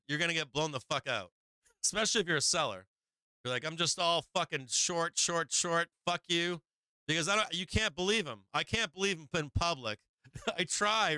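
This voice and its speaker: A man's voice: fairly high pitch, pushed and bright, smooth, no echo. A man hosting a live stock market stream, talking bluntly in casual commentary full of swearing and restarts, often laughing. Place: home live-stream setup.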